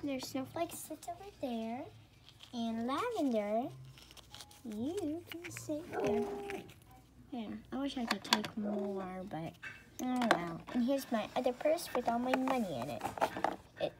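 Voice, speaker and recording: A woman's voice: fairly high pitch, animated, a little slow, very noisy. A woman chatting playfully while acting out a doll family story, rambling and giggly. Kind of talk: playful doll role-play narration.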